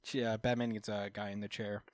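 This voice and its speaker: A man's voice: fairly low pitch, level tone, a little fast, dry recording, studio quality. A young man hosting a podcast, loosely retelling a story in casual chat with lots of fillers. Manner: loose storytelling, many fillers, laughs at own jokes. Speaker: podcast host. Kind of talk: casual chat recapping comics.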